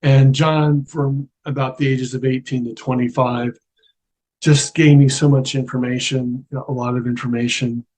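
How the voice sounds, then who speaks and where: A middle-aged man telling a personal spiritual story in a casual, animated way, acting out the voices he quotes. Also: medium pitch, moderate pace, slightly rough. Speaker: guest telling his near-death story.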